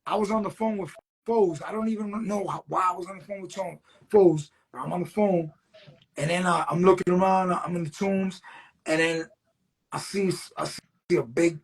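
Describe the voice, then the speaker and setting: A man speaks in a husky, slightly raspy voice that sits a bit higher than most men's. He rambles through street stories in a loose, profane way, full of streetwise slang and constant check-ins with the listener. It sounds like a casual sit-down interview with a graffiti writer. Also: steady tone, moderate pace. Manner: loose, profane, streetwise, peppered with "you know what I'm saying".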